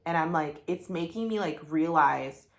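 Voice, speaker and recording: A woman with a low-pitched voice talks candidly to her viewers in a vlog, blunt and unafraid to swear. She is heartfelt and a little emotional, with plenty of "like" and "right?" as she works through her thoughts. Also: moderate pace. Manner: blunt and profane, heartfelt, many fillers. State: getting emotional. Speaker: vlogger. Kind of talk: candid talking-head vlog.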